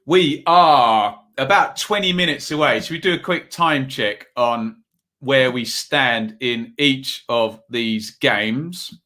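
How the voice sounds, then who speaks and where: Male streamer from Ipswich, bright and forward voice, easygoing rambling delivery, for a football watchalong. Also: mid-range voice, slow. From Ipswich, England. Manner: chatty, rambling, reads chat aloud, many ums. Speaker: livestream host. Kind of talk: casual live football commentary and chat.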